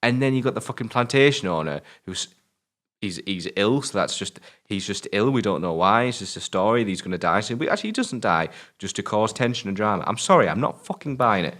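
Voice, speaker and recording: British guy on a film podcast, really deep voice, swears a lot, gets ranty. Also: expressive, fairly quick, fairly bright tone. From Britain. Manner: sweary, ranting, exasperated. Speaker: film review podcast co-host. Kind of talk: casual film review chat.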